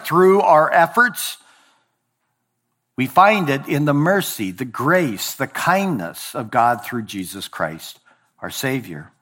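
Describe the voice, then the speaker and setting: Male preacher, slightly high-pitched. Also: a bit bright. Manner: deliberate preaching, slowing on key phrases, dropping low at line ends; occasional verbal slips and self-corrections. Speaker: pastor. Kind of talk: sermon.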